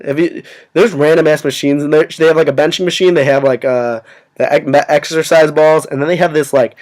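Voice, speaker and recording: A young man casually telling a story to his viewers, rambling and filling every pause with "like". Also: a little high, steady tone, a little mellow. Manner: rambling, full of "like" fillers. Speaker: vlogger.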